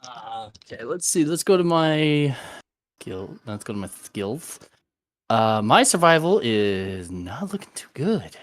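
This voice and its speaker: A player in a tabletop game, chatting casually and excitably, laughing often. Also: mid-range voice, unhurried, dry recording, studio quality.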